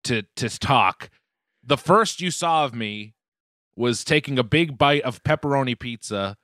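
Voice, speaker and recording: A man's voice: medium pitch, expressive, a little slow, bright, forceful tone, no echo, clean studio sound. A man co-hosting a podcast over a video call, joking and rambling in casual chat, swearing freely. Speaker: podcast co-host.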